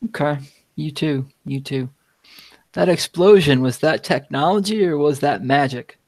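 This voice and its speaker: A man casually chatting as a player in a tabletop game, easygoing and quick to laugh. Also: a little high, a little mellow, no room sound.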